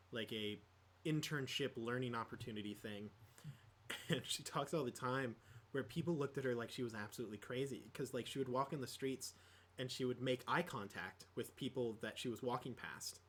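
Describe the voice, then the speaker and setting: A man's voice: mid-range voice, a bit bright. A man co-hosting a casual podcast chat about tabletop games, rambling with lots of fillers and restarts. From Midwest United States. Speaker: podcast co-host.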